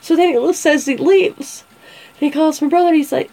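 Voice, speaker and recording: High-voiced chatty woman telling stories. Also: brisk, warm tone, rough recording. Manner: chatty, laughs often, acts out quoted voices. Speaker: show host. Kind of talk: casual storytelling.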